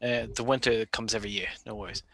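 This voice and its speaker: A man playing a tabletop game, slowly weighing a decision aloud in character discussion. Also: fairly low pitch, steady tone, vocal fry, sharp tone, a little hiss or hum. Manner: slow, deliberating, thinks aloud. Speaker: player. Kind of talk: casual tabletop game chat.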